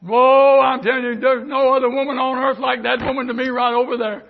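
Older preacher guy, high voice, goes quiet then shouts, muffled old recording. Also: flat delivery, brisk, gravelly. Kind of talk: sermon.

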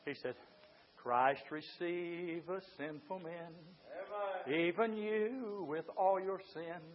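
Shouting preacher, high-pitched. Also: male voice, slow pace. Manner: swings from hushed to shouting, exclamations. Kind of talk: shouted revival sermon. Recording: dull lo-fi sound.

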